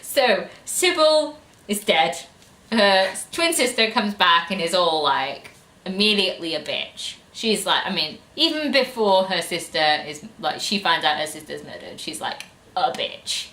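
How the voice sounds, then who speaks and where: A woman's voice: lowish voice, animated, measured pace, sharp tone. A woman ranting sarcastically about a book in a casual review, full of fillers. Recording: echoey room.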